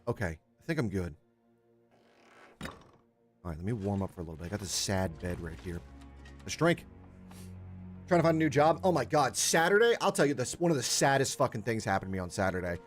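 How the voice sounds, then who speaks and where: A man's voice: on the low side, big pitch swings, fairly quick, long pauses, soft background music. A young man streaming a survival game, chatting casually with his viewers, rambling and swearing a lot and greeting chatters by name. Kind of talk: casual gaming livestream chat.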